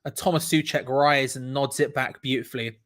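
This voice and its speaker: A young man hosting a live football watch-along stream, excitable, laughing often and repeating himself as he reacts. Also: mid-range voice, a little fast.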